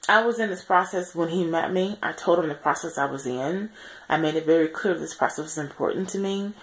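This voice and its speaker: A tired woman records a candid video diary close to the camera mic. Her low voice has a gravelly edge, and she talks earnestly, with many pauses and restarts as she works through her thoughts. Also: rough recording. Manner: reflective and earnest, many pauses and self-corrections. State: tired, yawning. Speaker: vlogger on a weight-loss journey.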